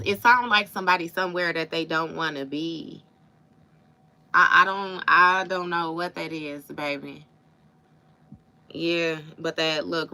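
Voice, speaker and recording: A woman hosting a live tarot reading, talking loosely and emphatically. Her voice is bright and forceful, sitting a little low for a woman. She swears freely and slips into rhythmic recitation of lyrics. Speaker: tarot reader.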